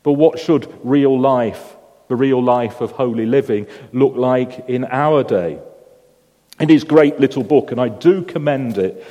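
Mellow-voiced preacher in a reverberant hall. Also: male voice, medium pitch, lively intonation, a little slow. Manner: storytelling, asks the congregation questions. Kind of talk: sermon. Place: church hall with a congregation.

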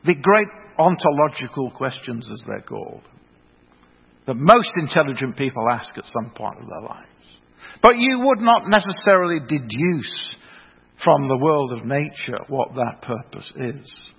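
Gravelly preacher in a reverberant hall. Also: male voice, medium pitch, animated, a little slow. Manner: wry, self-deprecating storyteller building to earnest proclamation. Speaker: preacher, former theological college principal. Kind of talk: sermon with humorous anecdote. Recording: reverberant hall, slightly muffled sound.

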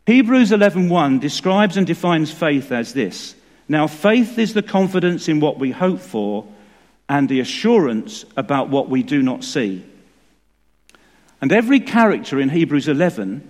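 Lively man preaching in a church. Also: a little high. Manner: lively, measured, emphatic. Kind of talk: sermon. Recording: long reverb of a church hall.

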